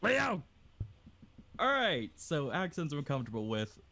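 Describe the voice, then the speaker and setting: A man's voice: fairly high pitch, huge pitch swings, a little slow, gravelly, bright, forceful tone, a little hiss or hum. A man chatting casually on a podcast about the accents he can do, crude and joking. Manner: joking, crude, mock ad reads. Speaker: podcast guest voice actor. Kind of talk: casual group chat.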